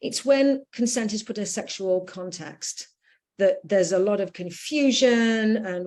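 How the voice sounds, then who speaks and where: A woman's voice: medium pitch, unhurried, darkish tone. A British woman lecturing firmly and emphatically, with frequent fillers. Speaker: educator giving a talk.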